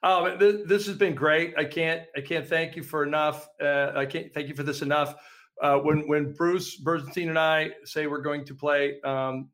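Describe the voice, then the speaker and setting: A man hosting a casual interview, laughing easily and filling pauses with ums. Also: on the high side, a bit bright. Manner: laughs easily, hesitant with fillers. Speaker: podcast host.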